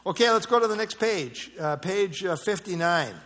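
A man's voice: high voice, lively intonation, moderate pace, fairly bright tone. A man teaching a Bible study, reading verses aloud and explaining them in a conversational way, with fillers and restarts.

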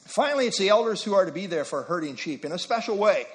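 A male pastor preaching a sermon in a conversational way, with folksy asides and slow, deliberate scripture reading. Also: high voice, animated.

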